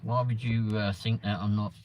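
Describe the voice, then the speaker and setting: A man's voice: lowish voice, flat delivery, normal speed, darkish tone, a little hiss or hum, poor audio. An English man hosting a casual livestream, rambling as he chats and answers viewers' comments by name. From England. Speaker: livestream host. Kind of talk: casual chat reading live comments. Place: in a car around town.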